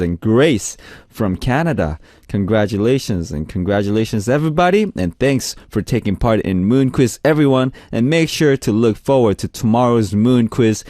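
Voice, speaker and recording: A man's voice: fairly low pitch, a little mellow, no room sound, studio quality. A man hosting a radio music show in an upbeat, friendly way, reading out listener messages. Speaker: radio DJ host. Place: radio studio.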